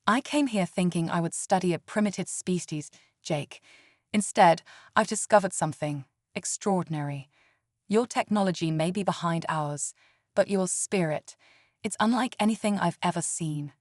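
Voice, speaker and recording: Brief: a woman reading as a curious young alien woman, formal and measured, slightly low voice, dry close sound. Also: darkish tone, no room sound, lightly acted. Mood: earnest.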